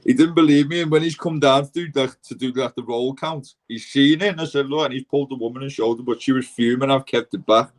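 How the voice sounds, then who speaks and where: A man's voice: medium pitch, fast, few pauses. A man with a Scouse accent, hosting a casual chat and telling rambling, slangy prison stories full of quoted dialogue. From Liverpool. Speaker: podcast host.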